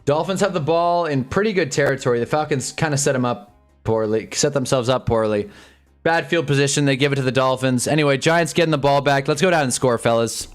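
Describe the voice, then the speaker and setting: A young man talking over a live football broadcast for his stream, complaining and reacting play by play. His voice sits at an ordinary middle pitch. Faint music plays behind him. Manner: frustrated, ranting, quick reactions. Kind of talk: live sports watch-along commentary.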